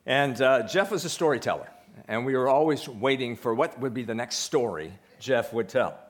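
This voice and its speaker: A male pastor preaching a sermon in a conversational way, putting questions to the congregation. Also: mid-range voice.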